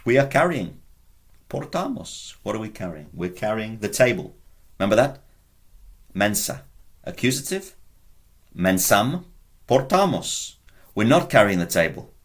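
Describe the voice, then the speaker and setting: A man's voice: lowish voice, very animated, measured pace, long pauses. A man teaching a Latin video lesson, patiently repeating words and quizzing the learner.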